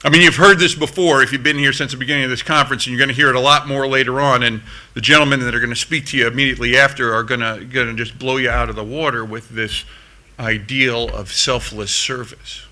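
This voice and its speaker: A man's voice: medium pitch, steady tone, fast talker, pushed and bright. A middle-aged man from the United States, a veteran speaking at a conference, telling a combat story in an earnest voice and repeating words as his pace picks up. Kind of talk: storytelling speech to an audience. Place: conference hall stage.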